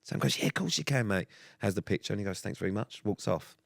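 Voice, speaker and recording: A man's voice: fairly low pitch, animated, fast, gravelly, no echo. A man, co-hosting a podcast and telling stories in a dry, sweary way. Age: 30s. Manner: sweary, dry anecdotal delivery. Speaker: podcast co-host. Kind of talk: casual storytelling chat.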